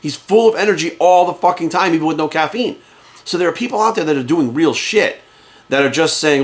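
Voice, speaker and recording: Facing a camera in his office, a male fitness coach delivers a fast, fired-up rant full of lively intonation. He curses nonstop for emphasis as he pushes his arguments, his voice pitched a little high for a man.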